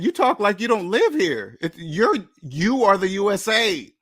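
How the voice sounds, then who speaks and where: Host, male, slightly high voice, blunt lecturing delivery, dry close recording. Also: sing-song, normal speed, fairly bright tone, slightly rough, no room sound. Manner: blunt, lecturing, repeats points for emphasis. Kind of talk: casual monologue.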